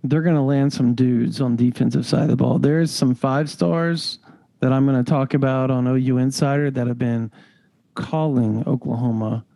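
A young man co-hosting a casual sports podcast, rambling with lots of fillers and getting animated when excited. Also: medium pitch, moderate pace, creaky, no echo. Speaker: recruiting analyst co-host.

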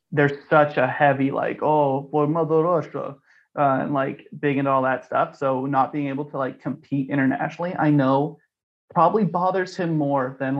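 A man's voice: a little high, muffled recording. A man in casual podcast chat, rambling and blunt, with frequent filler words and swearing. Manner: rambling, blunt and profane, peppered with "like".

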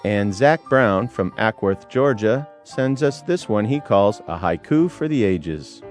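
A man reading listener poems on the radio, reciting slowly and expressively. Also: on the low side, animated, soft background music.

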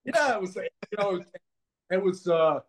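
A man, a podcast guest, telling stories in a rambling, animated way full of fillers. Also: sits high, a little slow. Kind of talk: casual storytelling conversation.

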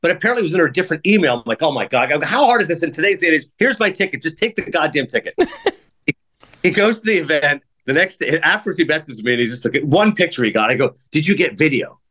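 A middle-aged man hosts a podcast and rattles off stories at high speed. His voice sits a little above the usual male range, and he animates his anecdotes by acting out the quotes. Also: expressive, fast, pushed and bright. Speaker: podcast host. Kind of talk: casual storytelling chat.

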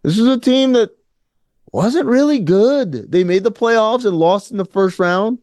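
A man co-hosting a casual sports talk show, emphatic and animated, often mimicking other voices. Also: high-pitched, measured pace, no room sound, clean studio sound. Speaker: podcast co-host.

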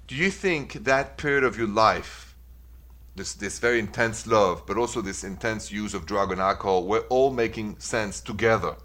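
A man's voice: lowish voice, a bit bright. A man hosts a call-in radio advice show. His talk is chatty and encouraging, and he asks callers questions directly.

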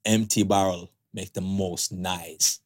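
A podcast co-host putting on a Jamaican accent to recite an old saying. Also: male voice, deep voice, fairly even intonation, slow pace. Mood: earnest. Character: man attempting a Jamaican voice for a proverb.

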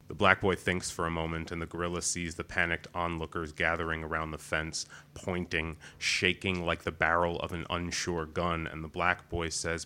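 Male spoken-word poet, low voice with a sharp edge, measured delivery. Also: little pitch movement, a little hiss or hum. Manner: measured, deliberate reading. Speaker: open mic poet. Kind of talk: spoken-word poetry performance.

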